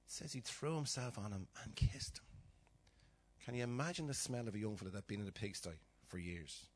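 A middle-aged man preaches a sermon in a husky, lowish voice at a fairly quick pace. He tells stories with animation, acting out characters' voices and suddenly dropping to a whisper.

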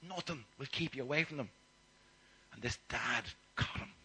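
A man preaching a sermon, telling the story with animated shifts from loud to near-whispered asides. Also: medium pitch, normal speed, husky, low-quality recording.

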